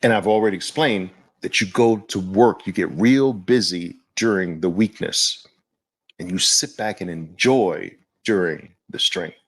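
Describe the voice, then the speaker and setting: A man hosting market commentary, animated and exclamatory, with an incredulous edge. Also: low voice, a little slow, husky. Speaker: host.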